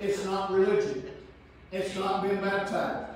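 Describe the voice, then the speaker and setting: A man preaching a fervent revival sermon that repeats its phrases and builds to shouts. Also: sits high, completely flat delivery, normal speed, slight background noise. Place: church. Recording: very echoey, far from the mic.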